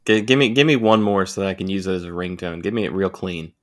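A man's voice: low voice, fairly even intonation, fast. A man co-hosting a comedy podcast, with wry and mock-disgusted reactions. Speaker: podcast co-host. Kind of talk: casual comedy podcast chat.

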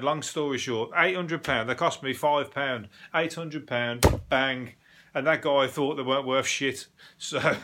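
A man hosting a podcast, rambling bluntly with plenty of swearing and quick laughs. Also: fairly high pitch, bright, forceful tone. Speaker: podcast host. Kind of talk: casual comedic monologue.

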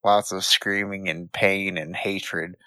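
A man's voice: low voice, level tone, slow pace, pushed and bright, clean tone, no echo. A man hosting a casual podcast, introducing players with playful jokes and laughing asides. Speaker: host.

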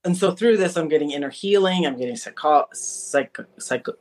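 Animated woman telling her story. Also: low-pitched, moderate pace. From Manitoba, Canada. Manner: animated storyteller who acts out conversations. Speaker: interview guest. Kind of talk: personal faith testimony in a podcast interview.

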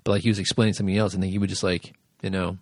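A man's voice: low voice, flat delivery, rapid-fire, darkish tone, dry recording, studio quality. A man co-hosting a casual podcast, telling stories loosely with lots of "like" and crude language.

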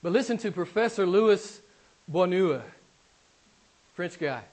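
A man with a fairly high voice delivers a sermon from the pulpit. He drives his points home by repeating them, pushing some lines out loud and dropping others almost to a murmur. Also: expressive, slow, rough recording. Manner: emphatic, repeats key phrases, swings from loud to quiet. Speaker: pastor. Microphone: recorded for a podcast.

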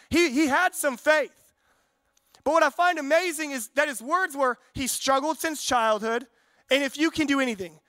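Young male pastor, very high bright voice, fervent conversational sermon, dry close sound. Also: no echo. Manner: conversational, fervent preaching with acted-out quotes.

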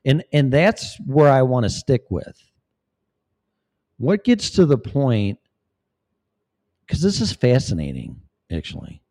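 A man's voice: mid-range voice, darkish tone. A man giving profane, rambling, blunt commentary as a vlogger. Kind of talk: casual commentary.

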